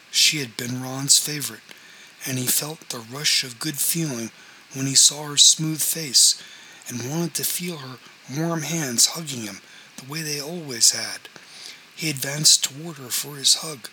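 A man narrating a novel as scripted audiobook reading, in a measured, even storytelling manner. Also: medium pitch, a little hiss or hum, poor audio.

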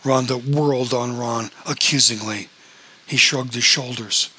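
Bright, husky man narrating an audiobook. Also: medium pitch, fairly even intonation, unhurried, rough recording.

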